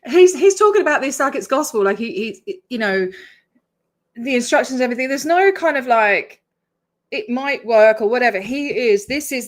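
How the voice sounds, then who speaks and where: An Australian woman chatting on a casual reaction stream, blunt and swearing, laughing in disbelief. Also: a little high. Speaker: streamer reacting to her own video.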